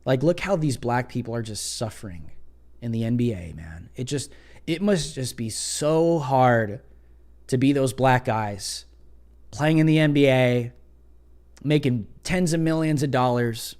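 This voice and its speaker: A man's voice: a little slow, darkish tone. A young adult man hosting a casual opinion livestream, sarcastic and mocking, who talks loosely with many fillers. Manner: sarcastic, mocking, mimics others in high voices. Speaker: livestream host.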